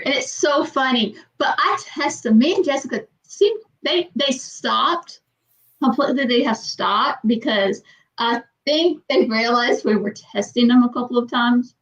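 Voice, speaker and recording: A woman's voice: on the high side, a little slow, rough recording. Chatty woman rambling through stories. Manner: rambling, animated storytelling with acted quotes. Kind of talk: casual chat.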